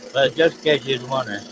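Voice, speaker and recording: A man's voice: medium pitch, noisy background. A man hosting a live stream, chatting casually and poking fun at himself while he works. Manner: easygoing, self-mocking, chuckles often. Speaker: live-stream host and artist. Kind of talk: casual chat while working.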